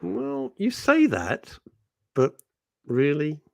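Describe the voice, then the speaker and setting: Give me a man hosting radio, chatty and teasing, with a very animated pitch. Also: drawn-out words. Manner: playful, teasing, laughs often, reads out messages in put-on voices. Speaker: radio host. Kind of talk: casual radio chat. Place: radio studio.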